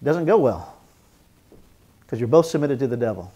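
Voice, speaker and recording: A man's voice: mid-range voice, animated, normal speed, dark tone, muffled recording. A man teaching a marriage seminar as a pastor, earnest, repeating phrases for emphasis and acting out spoken apologies.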